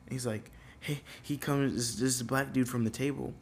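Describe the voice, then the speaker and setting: A man's voice: mid-range voice, fairly even intonation, normal speed, a little hiss or hum. A young man telling a story in a casual, rambling way, full of fillers. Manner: rambling, filler-heavy, loose.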